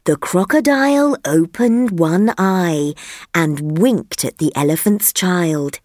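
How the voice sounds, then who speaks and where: A woman reading a textbook listening passage and a story aloud for learners, slowly and clearly. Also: on the low side, no room sound, clean studio sound. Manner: slow, clear, lively intonation. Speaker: reader of a textbook listening track. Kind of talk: slow scripted reading for learners.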